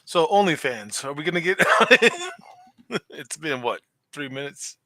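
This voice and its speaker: Jokey male co-host, lively bright voice. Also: fairly high pitch, dry recording. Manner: jokey, quick to laugh. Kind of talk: casual live stream chat.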